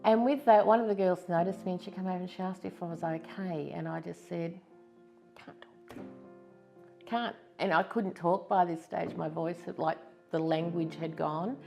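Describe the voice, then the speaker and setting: A low-voiced Australian woman in her fifties speaks with a gravelly edge. She tells her own story in a candid, reflective testimonial, with soft music faintly underneath. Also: level tone, fairly quick, hardly any pauses. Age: 50s. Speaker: stroke survivor giving testimony. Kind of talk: personal testimonial interview.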